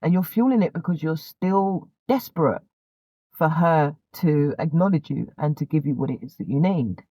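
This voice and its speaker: A woman's voice: sits low, lively intonation, moderate pace, mellow, slightly rough, dry recording, rough recording. A woman putting on the voice of her blunt adult cousin, frankly scolding her. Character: blunt adult female cousin giving tough advice.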